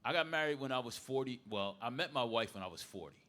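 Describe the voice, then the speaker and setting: A man in his fifties telling a personal story on a live panel, animated and acting out the voices of people he quotes. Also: medium pitch, quick pace. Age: 50s. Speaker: podcast panelist. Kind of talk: casual storytelling. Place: live event space.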